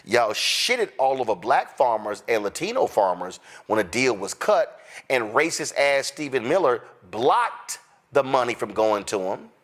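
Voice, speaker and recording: A man's voice: medium pitch, very animated, unhurried, fairly bright tone. A man hosting a political commentary show, talking in a fiery, sarcastic way with mocking asides. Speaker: host.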